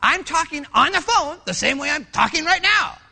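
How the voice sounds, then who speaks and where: Male pastor, middle-aged, passionate sermon, loud then hushed, bright tone, animated pitch. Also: moderate pace, creaky.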